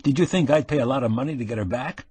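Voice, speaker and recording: A man voicing a calm, shrewd older gent. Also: mid-range voice, fast talker, slightly rough, no room sound, pitched above the performer's own voice. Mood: stern concern. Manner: steady, avuncular, probing. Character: calm, shrewd middle-aged man, avuncular.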